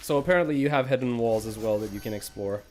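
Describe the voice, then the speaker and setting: A man's voice: medium pitch, fast, darkish tone, faint music behind. A man giving casual live commentary while playing a game, rambling and self-deprecating as he thinks aloud. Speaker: gaming livestreamer.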